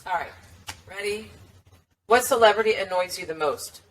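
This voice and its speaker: A woman's voice: mid-range voice, moderate pace, far from the mic, a little hiss or hum, rough recording. A woman hosting a podcast, chatting casually and asking her guests questions. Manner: chatty, reacts often. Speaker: podcast host. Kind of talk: casual interview.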